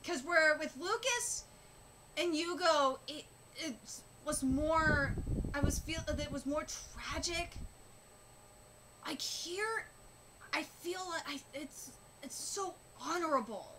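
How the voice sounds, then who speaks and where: A woman streamer reacting live, her voice very high and bright. She gushes emotionally and sounds close to tears. Her talk comes in halting bursts full of fillers and restarts. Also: slight background noise, poor audio. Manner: emotional, gushing, on the verge of tears.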